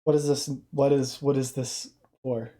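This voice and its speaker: Low-energy, hesitant reaction streamer. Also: fairly even intonation, measured pace, dark tone. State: subdued and tired. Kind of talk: casual reaction commentary.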